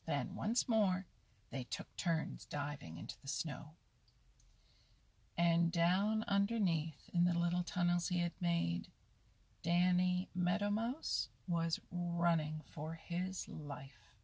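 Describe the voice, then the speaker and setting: A woman reading a children's animal story aloud, slowly and expressively. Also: lowish voice, vocal fry, husky, no room sound. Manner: expressive, slow, lively storytelling. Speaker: narrator.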